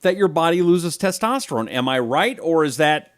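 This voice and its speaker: A man with a lively voice that swoops up and down chats on a talk show. He jokes and asks leading questions. The sound is close and dry. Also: fairly high pitch, normal speed, no echo. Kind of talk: casual talk show chat.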